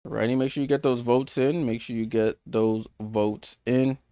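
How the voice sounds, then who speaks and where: A man's voice: medium pitch, fairly even intonation, moderate pace, warm tone, smooth, dry recording, studio quality. A man hosting a live sports watchalong, recapping scores in a loose, chatty way with lots of fillers and answering viewers by name. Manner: loose, filler-heavy recap with many restarts. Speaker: watchalong host. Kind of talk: casual live-stream commentary.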